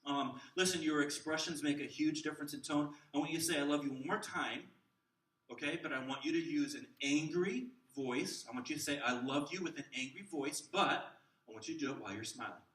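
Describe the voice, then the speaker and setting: A middle-aged man teaching a workshop on talking with children, lively and joking, acting out examples in different voices. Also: fairly high pitch, brisk. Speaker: children's ministry trainer. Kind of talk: teaching a workshop to a live group. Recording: roomy hall sound from a distant mic.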